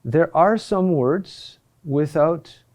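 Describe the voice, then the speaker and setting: Man teaching a chant class, slow and careful, lots of uh pauses, soft dark tone. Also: fairly high pitch. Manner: slow and deliberate, with frequent "uh" pauses. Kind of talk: classroom lecture.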